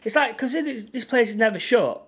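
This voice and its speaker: A man's voice: very high voice, expressive, a little fast, slightly rough. A man with a Manchester accent co-hosting a casual podcast, telling a rambling story full of restarts and fillers. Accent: Mancunian English. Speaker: podcast co-host. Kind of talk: casual chat.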